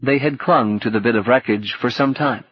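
A man narrating an audiobook in a calm, steady reading manner. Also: medium pitch, normal speed, breathy edge, no echo. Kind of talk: scripted narration. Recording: dull, dry cassette audiobook.

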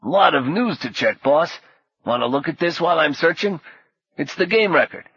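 A man voicing a small, eager, many-legged male creature agent with a raspy Brooklyn accent. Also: on the high side, expressive, normal speed, a bit bright, no echo, lo-fi sound, voice pushed up, exaggerated voice.

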